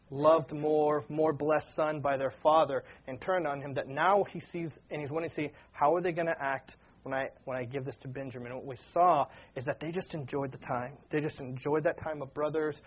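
Guy pastor chatting thru a sermon, kinda husky, muffled lo-fi sound. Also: on the high side. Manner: conversational, with many fillers and asides. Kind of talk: casual sermon teaching.

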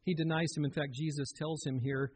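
Husky-voiced man preaching earnestly. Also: fairly high pitch, level tone, fairly quick, a little mellow. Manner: earnest, conversational preaching with direct questions to listeners. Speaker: pastor. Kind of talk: sermon.

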